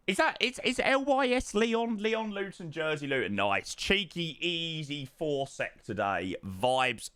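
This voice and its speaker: Man, casual stream chat, lively bouncing pitch, bright voice, dry close mic. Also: clear, resonant tone, no echo. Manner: chatty, greets viewers by name, repeats words. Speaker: flight sim streamer.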